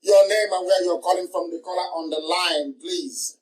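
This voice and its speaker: A man's voice: sits high, steady tone, moderate pace, low-quality recording. A man from Nigeria hosting a live radio call-in, courteous, repeating his phrases and urging callers to go ahead. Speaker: leader answering callers on air.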